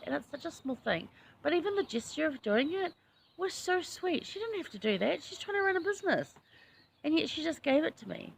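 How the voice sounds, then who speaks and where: A woman's voice: high voice, lively intonation, moderate pace, gravelly, a little hiss or hum. A woman hosting a casual scripture study chat, talking in a chatty, enthusiastic way with personal asides. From New Zealand. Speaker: host.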